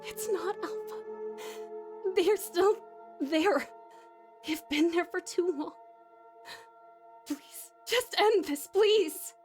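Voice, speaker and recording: A woman's voice: very high-pitched, drawn-out words, pauses often, darkish tone, soft background music, pitched above the performer's own voice, heavily acted. A woman voicing a shaky young woman who weeps and pleads in pain, read for a fan story. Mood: pleading, pained. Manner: sobbing, trembling delivery.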